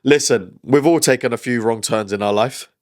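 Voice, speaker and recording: A man's voice: mid-range voice, normal speed. Wry man hosting a comedy news show. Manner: wry, chatty, laughs at his own jokes.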